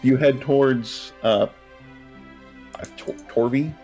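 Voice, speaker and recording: A man's voice: mid-range voice, fairly even intonation, slow, darkish tone, faint music behind. A man narrating as game master in a casual tabletop game session.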